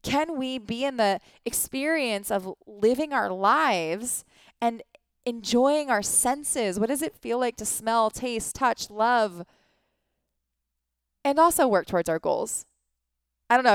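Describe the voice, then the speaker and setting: A woman's voice: mid-range voice, clean tone, no echo. Earnest woman asking rhetorical questions. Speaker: life coach. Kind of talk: motivational monologue.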